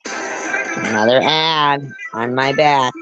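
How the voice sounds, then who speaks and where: A woman's voice: extremely low pitch, takes it slowly, over music. A woman hosting a reaction commentary, talking back at a clip with sarcastic, mocking asides. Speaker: commentary channel host. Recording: muffled lo-fi audio.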